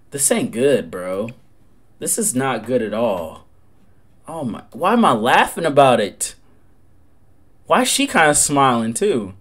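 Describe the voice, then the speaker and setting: A young man reacting to a game as he plays, excitable and full of slang. His pitch swings widely, and he breaks into loud outbursts between slower stretches. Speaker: gaming creator. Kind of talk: live game commentary.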